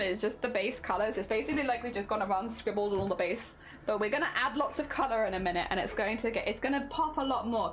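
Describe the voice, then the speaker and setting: A young woman streaming casually, chatting and giggling with her viewers while she crafts at home. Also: a little high. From Britain. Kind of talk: casual live-stream chat.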